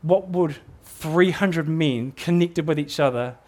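Earnest middle-aged New Zealand preacher, slightly high male voice, exhorting sermon delivery. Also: slow, darkish tone. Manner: earnest, exhorting, repeats words as he builds.

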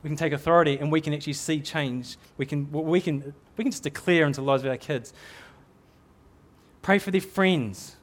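A man's voice: fairly high pitch, normal speed. A middle-aged man with a New Zealand accent preaching a sermon in an earnest, exhorting way, often repeating words as he builds a point.

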